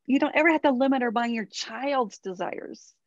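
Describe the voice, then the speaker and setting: Middle-aged woman, expressive interview guest; dry, muffled lo-fi mic. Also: fairly high pitch, normal speed, no echo. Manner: animated, acts out quoted dialogue, many tag questions. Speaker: parenting expert guest. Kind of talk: interview conversation.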